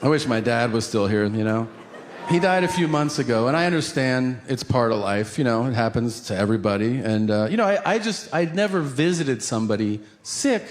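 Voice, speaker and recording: A man in his forties doing a stand-up routine, telling stories with shouted character voices. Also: mid-range voice, animated, a little fast. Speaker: stand-up comedian. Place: theater stage with audience laughter. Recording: live hall with long reverb.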